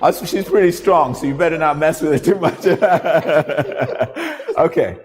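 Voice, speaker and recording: Animated male storyteller in a reverberant hall. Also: fairly high pitch, measured pace, over music. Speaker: host and motivational speaker. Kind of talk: storytelling talk with a live demonstration.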